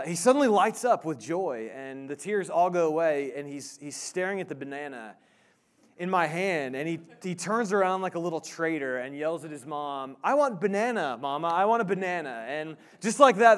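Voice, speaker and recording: A male pastor in his thirties gives a casual, halting sermon full of "um"s and restarts. His voice sits a bit high for a man.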